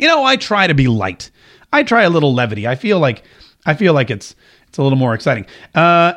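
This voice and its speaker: A man's voice: fairly high pitch, sing-song, a little fast, fairly bright tone. A man hosting a casual political commentary show from home, reading out viewer comments with sarcastic, rambling asides. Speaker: show host.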